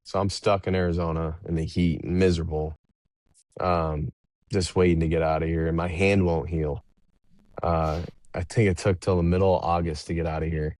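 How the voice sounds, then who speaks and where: A man in his twenties, a professional baseball pitcher and podcast guest, telling laid-back, rambling stories with easy laughs between them. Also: level tone, normal speed, darkish tone, no echo, clean studio sound. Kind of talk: casual interview storytelling.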